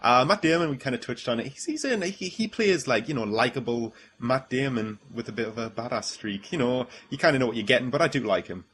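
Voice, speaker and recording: A man's voice: medium pitch, expressive, fast, few pauses, fairly bright tone, a little hiss or hum. A man from the UK hosting a casual film review chat, rambling with lots of fillers and swearing freely. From United Kingdom. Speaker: film review podcast host.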